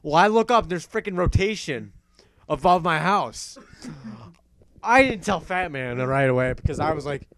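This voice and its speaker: A young man hosting a casual talk show, telling a story in an animated way, laughing and swearing often. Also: a little high, moderate pace. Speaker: podcast host.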